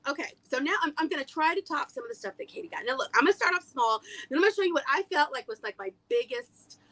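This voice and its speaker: A woman's voice: high-pitched, lively intonation, fast, pushed and bright. A woman hosting a casual vintage haul livestream, a chatty storyteller who laughs often, on a webcam. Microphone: webcam on a video streaming app.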